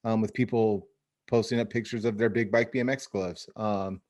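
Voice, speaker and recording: A man's voice: on the low side, fairly even intonation, moderate pace, darkish tone. A man hosting a casual podcast chat from the Phoenix area, talking in loose rambling bursts full of restarts and "dude". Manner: rambling, many restarts, says dude and bro. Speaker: podcast host. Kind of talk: casual chat over video call.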